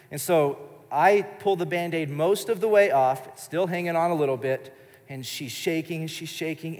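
A pastor in his thirties delivers a sermon with a slightly raised voice, telling a story in an easy, chatty way. He is recorded live in a large church, his words trailing off in a long reverb. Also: on the high side. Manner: conversational storytelling with fillers. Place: church service, indoors.

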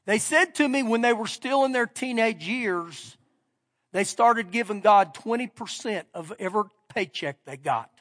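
A middle-aged pastor preaching with a strikingly high voice. He tells a story in a folksy, down-home way, then drives his points home with rising emphasis. His voice rings out with a long reverb through a big church hall. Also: lively intonation, moderate pace, a bit bright. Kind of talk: sermon.

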